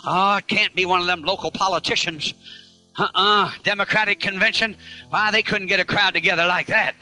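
A male preacher giving a fiery revival sermon, telling a story and shouting out to the crowd. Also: high voice, steady tone, fairly quick, faint music behind, poor audio.

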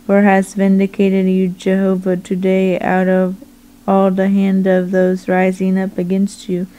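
A woman reading a male messenger's report in her own even, unhurried reading voice. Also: medium pitch, lightly acted, rough recording. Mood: solemn. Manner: flat, slow, unhurried reading.

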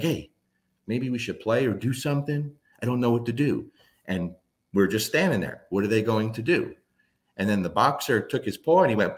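A man who trains dogs, telling stories in a casual, animated way. He swears now and then and briefly acts out his dogs and friends. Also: medium pitch. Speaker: dog trainer. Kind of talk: casual storytelling talk.

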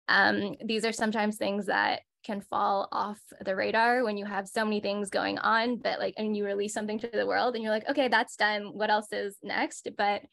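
A woman's voice: mid-range voice, creaky. A woman talking casually as a panelist in a discussion. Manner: casual, uses "like".

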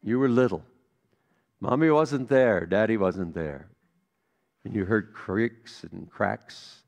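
Gravelly-voiced pastor preaching a sermon. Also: male voice, lowish voice, lively intonation, takes it slowly. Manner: storytelling, swings from hushed to emphatic.

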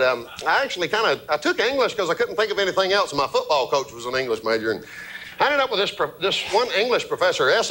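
A man's voice: high voice, sharp tone, a little hiss or hum, low-quality recording. A man from Georgia with a thick Southern accent, chatting as a guest comedian, self-deprecating and joking, laughing often. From Columbus, Georgia, US. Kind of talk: casual interview chat.

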